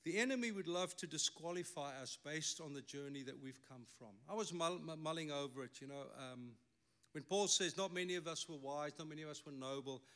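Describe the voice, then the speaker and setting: A man's voice: fairly high pitch, a little fast, bright, forceful tone. A middle-aged man with a South African accent, a native Afrikaans speaker, preaching a sermon with emphatic delivery and wry asides. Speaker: pastor.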